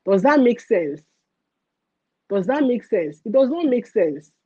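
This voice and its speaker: A young woman with a Nigerian accent hosting a casual livestream rant, animated and mixing in pidgin phrases. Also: a little high, unhurried, breathy edge, dry recording, highs cut off. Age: young adult. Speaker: livestream host.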